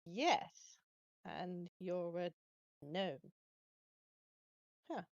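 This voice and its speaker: A woman's voice: fairly low pitch, lively intonation, very slow, darkish tone, no room sound, highs cut off. A woman guest player making brief, joking remarks in a tabletop game. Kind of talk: casual chat in a tabletop game.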